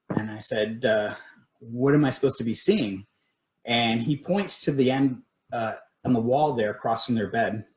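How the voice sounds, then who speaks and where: A middle-aged paranormal investigator casually tells his own ghost stories on a live stream, speaking haltingly with many fillers and restarts. His voice is fairly low, captured on a phone or webcam in an echoey room.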